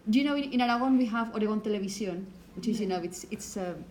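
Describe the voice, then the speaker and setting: Woman teaching a class, mid pitch, keeps asking okay?, little bit of room hum. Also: fast talker, a little mellow. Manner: explanatory, checks in with "okay?" often. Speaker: lecturer. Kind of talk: classroom lecture.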